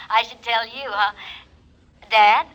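An actress playing a cheerful middle-aged daughter speaking over a telephone, bubbly and laughing. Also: female voice, fairly high pitch, steady tone, slow, fairly bright tone, rough recording.

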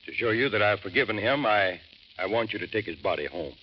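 A measured, formal businessman with a very low voice, as a man plays him. He comes through a dull, lo-fi radio broadcast. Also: expressive, a little hiss or hum, natural voice. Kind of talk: 1940s radio acting.

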